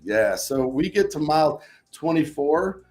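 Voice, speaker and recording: A man with a fairly high voice tells a personal story in a casual interview. He talks in an animated way and acts out what he was thinking back then. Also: a little slow, faint music behind. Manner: animated, acts out his own past thoughts. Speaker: podcast guest.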